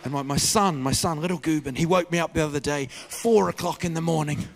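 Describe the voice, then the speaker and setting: A man doing a stand-up comedy routine on stage, telling stories and bursting into loud shouted impressions of the people in them. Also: on the high side, brisk, gravelly. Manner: animated storyteller, mimics people with loud shouted voices. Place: comedy stage before a live audience.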